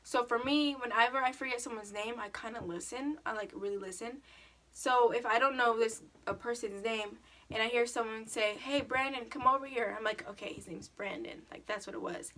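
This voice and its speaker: A woman's voice: on the high side, moderate pace, sharp tone. A teenage girl telling stories and answering questions in a casual vlog, chatty and full of "like". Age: teens. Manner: chatty storytelling, lots of "like". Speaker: vlogger.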